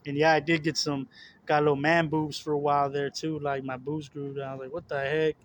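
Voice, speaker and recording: The speaker is a young man hosting a religious video, his voice on the high side with little pitch movement and a brisk delivery, against slight background noise. He earnestly confesses his spiritual struggles in a casual way, rambling with fillers, restarts, and repeated words.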